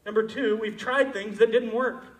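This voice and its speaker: A male pastor preaching a sermon, moving between loud, emphatic passages and quiet, intimate ones. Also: high-pitched, steady tone, normal speed, roomy sound, distant mic, rough recording.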